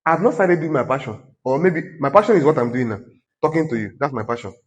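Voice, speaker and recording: A man's voice: medium pitch, expressive, fast. A man with a Nigerian accent preaching a sermon as a pastor, exhorting and teasing his congregation in a conversational way.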